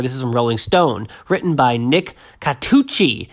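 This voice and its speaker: A man in his thirties chatting casually about music, rambling and excitable, often losing his train of thought. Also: mid-range voice, moderate pace. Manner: rambling, excitable, self-interrupting. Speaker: host.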